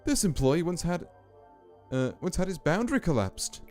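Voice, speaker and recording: A solemn, otherworldly female keeper of a graveyard, as a man voices her in a game stream. She speaks in a slow, ominous hush with a faint Scottish lilt, her pitch climbing and swooping. Quiet game music plays behind her. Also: big pitch swings. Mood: eerie. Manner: slow, deliberate, ominous storytelling.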